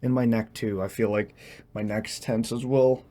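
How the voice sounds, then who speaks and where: A young man speaking in a personal confessional monologue, halting and hesitant as he searches for words, tense as he talks. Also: fairly low pitch, fairly even intonation, warm tone. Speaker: vlogger.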